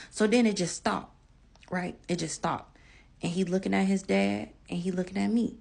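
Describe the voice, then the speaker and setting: A woman's voice: mid-range voice, steady tone, normal speed, vocal fry, a little mellow. A woman telling her own story to viewers in a casual vlog, emphatic, repeating lines for stress and swearing freely.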